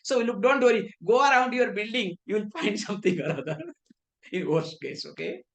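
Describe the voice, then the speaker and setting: A woman's voice: mid-range voice, normal speed. A woman teaching scripture, often asking rhetorical questions and answering them herself, with playful teasing asides. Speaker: spiritual teacher. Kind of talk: scripture lecture in English.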